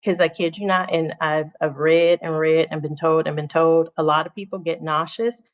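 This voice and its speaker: A woman's voice: low voice, fairly even intonation, moderate pace, muffled recording. A woman, a teacher, chatting casually to viewers on her livestream and repeating phrases for emphasis.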